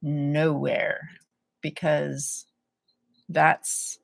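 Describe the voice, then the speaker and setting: A woman's voice: low-pitched, flat delivery, extremely slow, vocal fry. A woman co-hosting a casual comedy podcast, tossing in wry quips and playful jabs. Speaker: podcast co-host.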